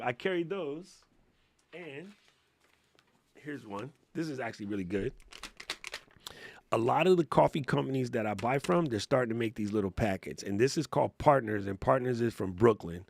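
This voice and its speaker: A man with a creaky, mid-range voice hosts a casual livestream Q&A, fielding live chat questions. His stories come out relaxed and slangy, punctuated by regular laughter, on a dry recording.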